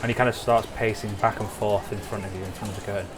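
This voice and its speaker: A man's voice: fairly low pitch, steady tone, fast talker, background noise. A man narrating a tabletop role-playing game as game master, casual and hesitant. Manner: casual, hesitant, many ums and kinda.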